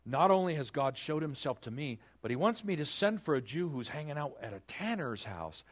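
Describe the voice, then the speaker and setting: A male pastor delivering a lively sermon. His pitch swings widely as he explains scripture in plain, chatty terms and slips into the voices of the people in the story. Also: a little fast. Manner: animated, conversational preaching that acts out biblical dialogue.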